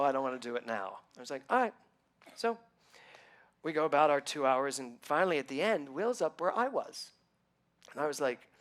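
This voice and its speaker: A middle-aged man, a minister, telling a personal story in a sermon, acting out what others said with lively ups and downs. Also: mid-range voice. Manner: animated storytelling, acting out quoted voices.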